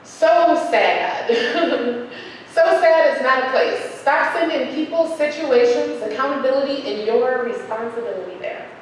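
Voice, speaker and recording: In an unhurried, high voice, a young woman recounts a personal story for listeners, acting out the quoted voices with lots of energy. The hall is echoey, the mic is far away, and there's faint noise.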